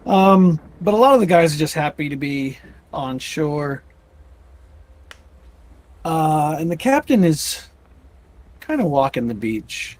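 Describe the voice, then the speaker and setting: A man's voice: a little high, very animated, slow, long pauses, darkish tone. A man narrating as game master of a tabletop game, rambling with frequent restarts.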